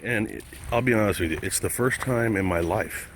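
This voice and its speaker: A man's voice: fairly low pitch, brisk, fairly bright tone, a little hiss or hum. A man vlogging outdoors, ranting angrily and profanely in a rambling, casual way. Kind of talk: casual rant to camera.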